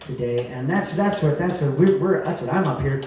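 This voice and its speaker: A man from Rhode Island talks from a cabaret stage, chatty and joking, dropping softer when the talk turns tender. His voice sits a touch high and comes through a very echoey room, picked up from well back. A faint hum of the venue hangs behind him. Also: normal speed. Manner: chatty and joking, trailing into soft tender moments. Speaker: cabaret singer presenting an award. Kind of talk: live stage speech to an audience. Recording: echoey room heard from a distance.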